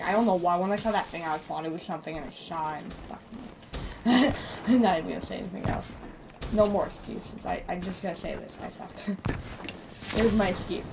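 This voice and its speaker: A woman's voice: fairly low pitch, gravelly. Swearing, self-mocking woman gamer, distant mic. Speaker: video game player. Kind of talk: casual gameplay commentary. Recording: distant mic with steady background noise.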